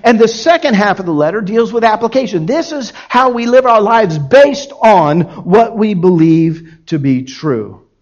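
Animated male pastor, 40s, lively sermon delivery, lo-fi recording. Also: high-pitched, unhurried. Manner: animated, acts out quoted voices in his examples.

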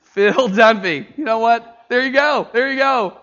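A man's voice: extremely high pitch, unhurried, dull audio. A middle-aged male pastor preaching a sermon, joking with the congregation and then turning earnest and emotional. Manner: animated, jokey, crowd-engaging.

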